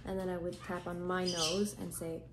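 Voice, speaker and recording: A woman's voice: on the low side, level tone, normal speed, over music. A woman vlogging casually at home, chatting playfully and coaxing her pet bird in a sing-song voice. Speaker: vlogger, parrot owner. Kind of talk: casual home vlog talk. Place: home, near a birdcage. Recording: loud background noise with bird sounds. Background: birds squawking and chirping.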